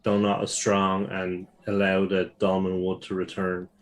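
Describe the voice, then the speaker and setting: A man's voice: low-pitched, completely flat delivery, a little slow. A man playing in a tabletop game, talking thoughtfully and speaking politely in character. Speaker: player. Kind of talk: casual tabletop play.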